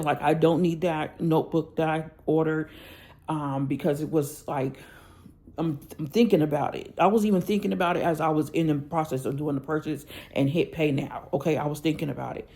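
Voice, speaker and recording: A woman's voice: low-pitched, dark tone. Fed-up woman ranting to her viewers. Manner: angry, venting, addresses viewers with "y'all" and "okay?". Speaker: planner vlogger. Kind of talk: casual ranting vlog.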